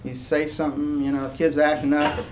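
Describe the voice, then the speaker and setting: A male lecturer speaks in a loose, conversational way, wandering into personal stories and side remarks. His voice sits a little high for a man. He is picked up from a distance in a lecture room, with a faint hum of room ambience behind him. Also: little pitch movement, fairly quick. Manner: conversational and digressive, many asides and personal anecdotes. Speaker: university lecturer. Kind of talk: informal classroom lecture.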